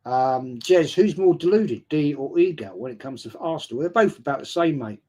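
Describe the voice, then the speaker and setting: A man's voice: on the high side, animated, normal speed, warm tone. A man casually telling a story and answering viewer questions on a stream, swearing freely and often stumbling over repeated words. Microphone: streaming setup mic.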